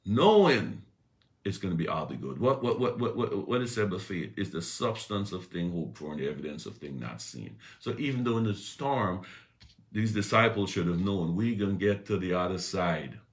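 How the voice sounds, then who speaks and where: A man giving an inspirational morning talk, preaching with repetition and loud emphatic peaks. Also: low-pitched, animated, normal speed. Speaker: inspirational speaker.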